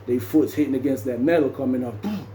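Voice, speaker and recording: A man's voice: medium pitch, fast, roomy sound, a little hiss or hum, rough recording. A man casually telling a story about his past, acting out what people said and punching it up with sound effects. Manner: animated, acts out quotes and sound effects. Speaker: storyteller recounting his jail time.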